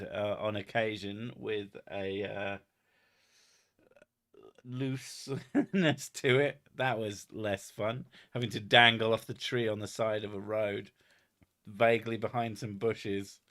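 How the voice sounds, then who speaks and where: Bright-voiced sweary bloke. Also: male voice, fairly low pitch. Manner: sweary, laid-back banter. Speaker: streamer host. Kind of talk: casual chat.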